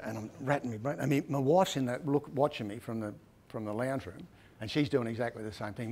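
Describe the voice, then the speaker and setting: A middle-aged Australian man tells stories at a book presentation. He talks in a loose, conversational way, with restarts and a habit of asking "right?". His pitch sits in an ordinary middle range. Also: fast, a little mellow. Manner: chatty, repeats "right?" often, rambling with restarts. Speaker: author giving a book talk. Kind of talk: casual storytelling presentation.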